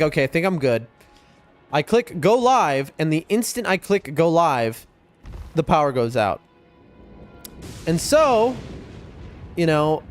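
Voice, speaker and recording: A young man streaming a game, chatting excitably to his viewers as he plays. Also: fairly high pitch. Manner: chatty, excitable, often addresses chat. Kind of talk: live gameplay commentary to chat. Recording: faint music behind voice.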